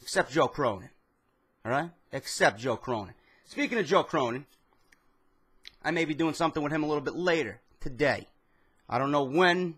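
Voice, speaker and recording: Swearing New guy, bright tense voice. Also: a little high, lively intonation, moderate pace, long pauses, husky. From New York. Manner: heated, swears constantly, storytelling rant. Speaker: wrestling commentary vlogger. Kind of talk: profane ranting monologue.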